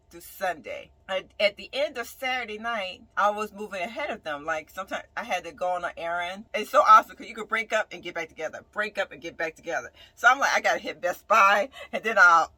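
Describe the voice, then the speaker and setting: A woman, a nurse who lives in her bus, telling a casual storytime about a breakdown with animated, emphatic delivery and frequent "right?" asides. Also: medium pitch, no room sound, low-quality recording. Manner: dramatic swings between loud outbursts and quiet mutters. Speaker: nurse and bus-dwelling vlogger.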